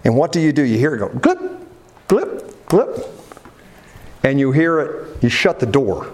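Animated preacher, lively pitch. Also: male voice, fast talker. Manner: animated, conversational preaching with asides to the congregation. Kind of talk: sermon.

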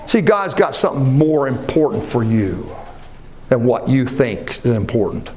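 A man preaching a sermon, moving from low earnest talk to loud rising exhortation. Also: moderate pace, slight background noise. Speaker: pastor.

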